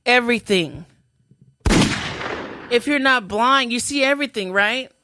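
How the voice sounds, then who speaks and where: Young female podcast host, chatty storyteller, somewhat high pitch, dry room. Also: normal speed, bright, forceful tone, no echo. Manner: chatty, self-mocking, full of "like". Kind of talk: comedic storytelling.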